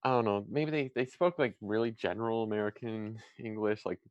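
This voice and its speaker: A man's voice: on the low side, a little fast, clear, resonant tone, dry recording, lo-fi sound. A man from Philadelphia with a mild Philadelphia accent, chatting casually as a podcast co-host and rambling with lots of "like". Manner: rambling, heavy use of "like". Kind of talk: casual chat.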